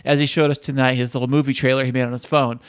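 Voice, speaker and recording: A man's voice: medium pitch, level tone, clean tone, no room sound, clean studio sound. A man in his thirties co-hosting a couples podcast in casual, joking chat. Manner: joking, playful, drawn-out asides. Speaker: podcast co-host.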